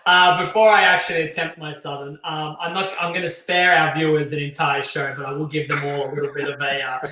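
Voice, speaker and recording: Brief: Australian male host, casual and rambling, bright voice, roomy echo. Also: on the high side, little pitch movement, brisk, distant mic. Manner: chatty, loose, lots of fillers. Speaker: show host. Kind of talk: casual hosted talk. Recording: echoey room.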